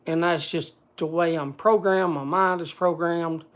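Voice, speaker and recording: A man speaking bluntly to a group in casual talk, halting often and restarting his sentences. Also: on the high side, fairly even intonation, fairly bright tone. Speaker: speaker addressing a group gathering.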